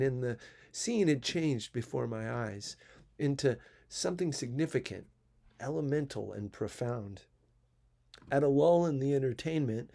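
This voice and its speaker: A man narrating a classic novel in a measured, even storytelling manner. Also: mid-range voice, vocal fry. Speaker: audiobook narrator. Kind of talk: literary audiobook reading.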